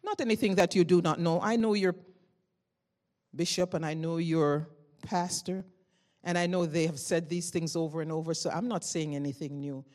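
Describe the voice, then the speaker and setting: A woman preaches from the pulpit, loud and fervent, moving between easy conversational storytelling and sudden surges of feeling. Her delivery is personal and direct, like she is talking to each listener in the congregation. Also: on the low side, steady tone, moderate pace. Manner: conversational storytelling with rising emotional bursts. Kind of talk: sermon.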